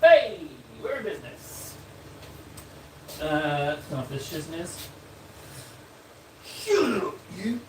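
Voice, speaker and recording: A man hosting a relaxed livestream, joking and teasing himself as he reads chat. His delivery bounces around with a lively, wide-ranging pitch. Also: very slow, pauses often, a little hiss or hum. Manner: playful, self-mocking, jokey banter. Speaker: livestream host painting miniatures. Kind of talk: casual livestream chat, reading out chat.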